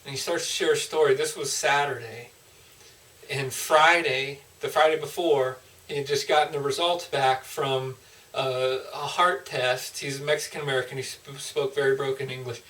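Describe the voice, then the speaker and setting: A man's voice: medium pitch, fairly even intonation, normal speed, sharp tone, far from the mic, low-quality recording. A man, a motivational speaker, telling an emotional personal story in an earnest, heartfelt way with frequent restarts.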